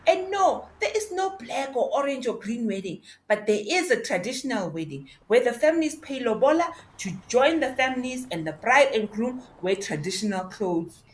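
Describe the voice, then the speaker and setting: Lively South African dog who used to be a man, voiced by a woman, animated and fairly high-pitched, light noise. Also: moderate pace, few pauses. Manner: lively, with township slang. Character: young man turned dog, proud and nostalgic. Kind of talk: audio drama acting.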